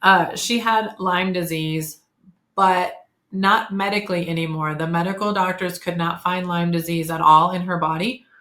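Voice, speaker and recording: A woman's voice: fairly low pitch, steady tone, moderate pace, a bit bright. A woman in her fifties, a guest on a podcast interview, speaking candidly and chattily with frequent fillers and self-corrections. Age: 50s. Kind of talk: casual conversational interview. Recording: echoey room.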